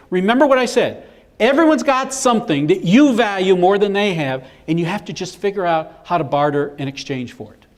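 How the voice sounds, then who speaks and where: A middle-aged man giving a business seminar, telling stories and acting out the quotes. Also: sits high. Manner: animated storyteller acting out quotes. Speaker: business speaker. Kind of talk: live seminar presentation.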